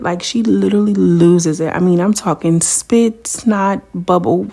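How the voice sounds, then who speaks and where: A woman giving casual commentary on a reality show, chatty and animated, talking straight to her viewers. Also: on the low side, a little slow, creaky. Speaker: commentary vlogger.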